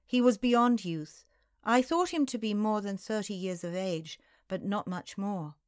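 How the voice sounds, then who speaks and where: Slow, measured woman audiobook narrator. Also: mid-range voice, no room sound, studio quality. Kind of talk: first-person audiobook narration.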